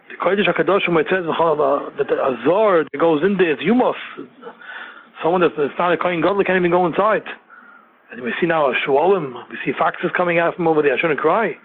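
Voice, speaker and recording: A man's voice: a little high, brisk, a little hiss or hum. A man giving a Torah sermon, repeating phrases and firing off rhetorical questions. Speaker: Torah teacher. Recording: narrow phone-like radio sound.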